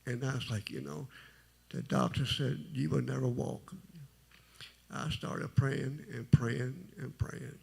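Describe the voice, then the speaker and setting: A middle-aged man with a very deep, gravelly voice, telling his testimony at a church service in a halting, rambling way. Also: steady tone, darkish tone. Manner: rambling, halting, folksy storytelling. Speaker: testimony speaker.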